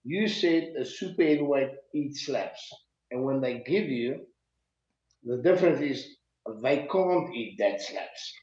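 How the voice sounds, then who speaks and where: A man's voice: mid-range voice, expressive, measured pace, a little mellow. A man with a South African accent, a slap fighter as an interview guest, talking bluntly and joking over a video call. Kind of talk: casual interview. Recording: echoey dull video call audio.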